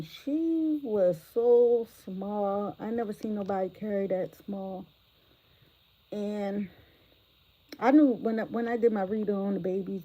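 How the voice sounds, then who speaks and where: A woman at mid pitch hosts a livestream reaction commentary. She is animated and exclamatory and keeps addressing her viewers directly. She is picked up by a phone or tablet mic. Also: rough recording. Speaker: commentary host.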